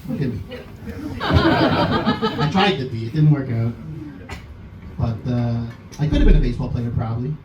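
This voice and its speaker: A man's voice: medium pitch, big pitch swings, moderate pace, long pauses, lo-fi sound. A man doing a stand-up set on a comedy club stage, dry and self-deprecating. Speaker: stand-up comic. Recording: echoey club room from far off, noisy.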